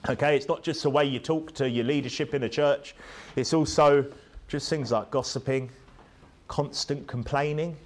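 A man preaching a sermon, rising to emphatic peaks and dropping low on tag questions. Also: steady tone, moderate pace.

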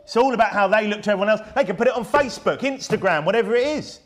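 Fiery high-voiced preacher. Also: male voice, rapid-fire. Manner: emphatic, fiery, full of rhetorical questions. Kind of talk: sermon.

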